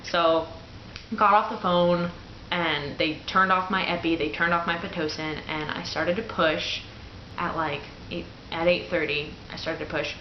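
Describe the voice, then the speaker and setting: A young woman with a lowish voice tells her birth story straight to the camera, frank and chatty, peppering it with "like". The sound is dull and lo-fi, bouncing around a hard, echoey room. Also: steady tone, unhurried, slight background noise. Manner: candid and chatty, full of "like" fillers. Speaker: new mother telling her birth story. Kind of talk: casual personal storytelling to camera.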